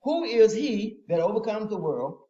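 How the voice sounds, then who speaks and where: A man's voice: sits high, big pitch swings, moderate pace, warm tone. A man preaching a sermon in a call-and-response style, informal and emphatic, often asking the listeners to finish his sentences. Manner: asks the congregation to fill in words. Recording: echoey, dull lo-fi room sound.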